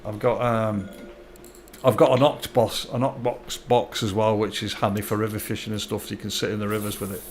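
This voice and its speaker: A man's voice: fairly low pitch, little pitch movement, a little fast, a little hiss or hum. A middle-aged man, chatting casually to viewers while live-streaming a game, friendly and stumbling over his words.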